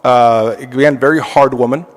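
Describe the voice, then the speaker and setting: A man's voice: mid-range voice, steady tone, normal speed. A man teaching an adult church class, telling a personal story in a reflective way with casual fillers. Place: church hall. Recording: long reverb of a church hall.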